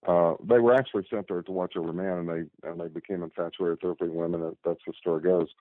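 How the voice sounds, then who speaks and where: A man talking as a guest in casual conversation, halting and repeating words as he thinks. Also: deep voice, steady tone, no room sound. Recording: tinny phone line.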